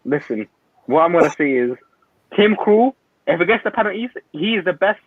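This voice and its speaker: A young man rants loudly about football, all hot takes and quick asides. His voice sits a little high. It comes through a tinny, dry phone-like line. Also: lively intonation, slightly rough, dry recording. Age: young adult. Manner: loud, ranting, opinionated, quick asides. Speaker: guest pundit. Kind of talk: heated football banter.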